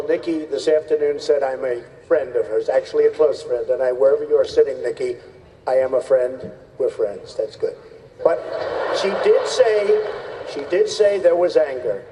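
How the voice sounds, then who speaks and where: A man's voice: on the high side, normal speed, dark tone. A man running for president, giving blunt, repetitive, conversational debate answers. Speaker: presidential candidate. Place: large debate hall on stage. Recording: distant mic in reverberant hall.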